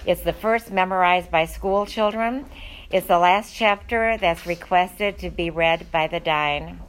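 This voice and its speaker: Woman leading bible study, lowish voice, earnest and chatty w lots of ums. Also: a little slow, rough recording. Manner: conversational and earnest, with frequent fillers.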